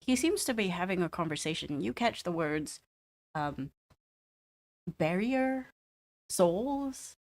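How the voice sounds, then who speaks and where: A woman's voice: lowish voice, animated, moderate pace. A woman narrating as game master of a tabletop game, hesitant with many fillers.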